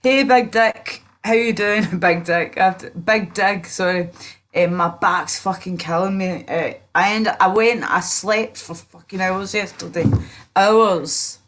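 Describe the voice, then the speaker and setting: A woman's voice: medium pitch, a little slow, fairly bright tone. Rambling sweary young woman livestreamer. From Scotland. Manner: rambling, sweary, talks to chat viewers. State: sore back, just out of the shower. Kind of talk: casual livestream chat.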